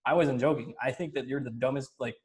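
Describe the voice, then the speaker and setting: A young man hosting a casual chat, telling animated stories and laughing often. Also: mid-range voice, quick pace. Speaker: podcast host. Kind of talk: casual conversation.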